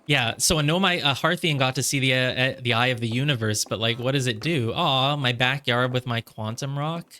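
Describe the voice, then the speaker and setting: A man's voice: medium pitch, brisk, pushed and bright. A man musing aloud over his gameplay. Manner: musing aloud, heavy on "like" fillers. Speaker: gamer playing through a game. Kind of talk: casual let's-play commentary.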